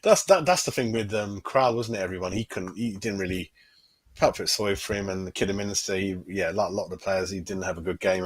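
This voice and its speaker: A man's voice: deep voice, quick pace, dry recording. A man hosting a fan channel, chatting casually on a livestream, constantly saying "mate" and tossing in tag questions.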